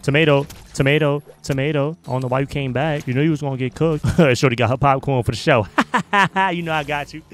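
A man's voice: on the high side, moderate pace, a little hiss or hum. A man streaming a game with casual commentary and playful trash talk aimed at other players.

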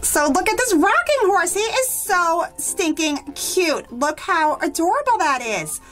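Gushing high-voiced woman unboxing toys. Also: big pitch swings, a little slow, a bit bright, faint music behind. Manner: gushing, enthusiastic, talks to viewers as guys. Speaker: toy unboxing channel host. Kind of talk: toy unboxing vlog.

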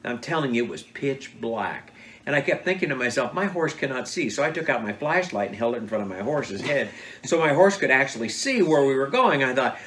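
A man telling his son true hunting stories in a relaxed interview, acting out the dialogue as he goes. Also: medium pitch, brisk, a little hiss or hum. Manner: animated, acts out quoted dialogue. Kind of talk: casual storytelling interview.

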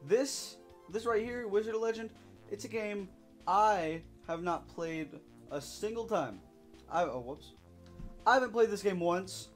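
A young man narrating his gameplay in a fairly high voice, excitable and loud, whooping at every hit. Faint music plays behind him. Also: unhurried. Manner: excitable, shouting and whooping while playing. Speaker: gaming YouTuber. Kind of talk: let's play commentary.

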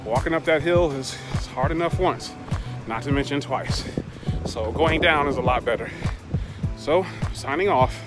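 A man's voice: mid-range voice, moderate pace. A man talking to his camera on a city street, out of breath and chatty, poking fun at himself. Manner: chatty, self-mocking. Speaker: vlogger. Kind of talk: on-location vlog talk. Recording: loud music over street sound.

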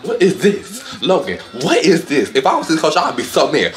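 A man's voice: on the high side, moderate pace, few pauses, echoey room, soft background music. Sassy, squealing male reaction commentator. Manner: animated, exclamatory, sassy running commentary with squealed outbursts. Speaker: reaction video host. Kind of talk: reaction commentary on fight highlights.

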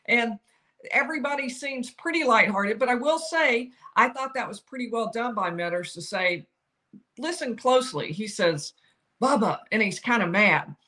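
An older woman gives solo legal commentary, laying out each side's arguments and quoting the lawyers with animated emphasis. Her voice is fairly high and her pace normal.

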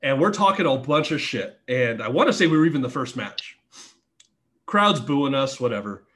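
A man guesting on a podcast, telling a story in a casual, animated way, with lots of swearing and acted-out quotes. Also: medium pitch, moderate pace. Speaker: podcast guest, former wrestler.

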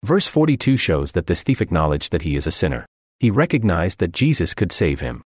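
A man's voice: low-pitched, very animated, brisk, dry recording. A man voicing a translated radio sermon, preaching earnestly and emphatically with repeated phrases, close to the mic.

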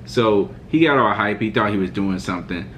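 Brief: fired-up male vlogger with a lower-pitched voice and a mocking, ranting delivery, faint hiss behind him. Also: brisk, fairly bright tone. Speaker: sports reaction vlogger. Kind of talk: heated reaction rant.

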